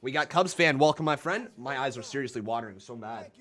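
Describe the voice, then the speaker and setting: A man's voice: medium pitch, animated, fast talker, hardly any pauses, pushed and bright. A tired man hosting a wrestling live stream, chatting casually and upbeat while greeting viewers by name. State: tired, just woke up. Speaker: wrestling livestream host.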